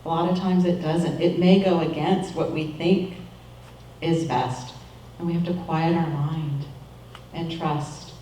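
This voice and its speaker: A middle-aged woman giving a calm, measured, reflective sermon as a minister. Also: low-pitched, recorded from a distance, slight background noise. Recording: echoey room, voice from off-mic.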